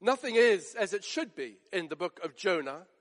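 High-voiced preacher in a reverberant hall. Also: male voice, very animated. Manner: emphatic, rhetorical, with dramatic pauses and quoted dialogue. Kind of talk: sermon.

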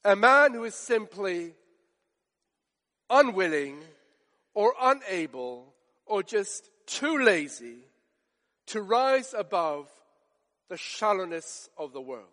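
A man with a notably high voice delivers a sermon in an emphatic, rhetorical way, pausing for effect and acting out quoted lines. His voice rings with a long reverb, as in a large church hall. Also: a bit bright. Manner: emphatic, rhetorical, with dramatic pauses and quoted dialogue. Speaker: preacher.

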